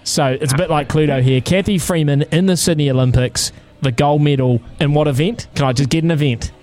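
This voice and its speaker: Friendly New Zealand radio co-host. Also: male voice, a little high, a little fast, a little mellow. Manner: friendly, talks callers through a game. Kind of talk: live radio chat.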